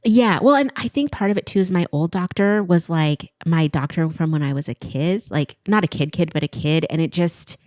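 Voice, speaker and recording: A woman's voice: on the low side, normal speed, hardly any pauses, darkish tone, dry recording. A woman in her thirties, co-hosting a podcast in casual chat and telling a story, acting out what other people said. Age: 30s. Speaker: podcast co-host. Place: podcast studio.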